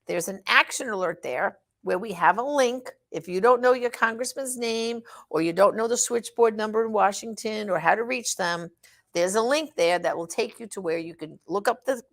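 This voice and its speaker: Hosting a pro-life advocacy show, a woman with a mid-range, fairly bright voice addresses her listeners directly. She exhorts them emphatically and leans on rhetorical questions.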